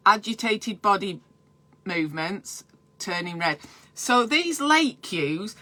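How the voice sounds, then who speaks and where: A woman's voice: mid-range voice, sharp tone. A woman, a midwife, giving breastfeeding advice in a live stream from home, chatty and digressive and breaking off to answer viewer comments.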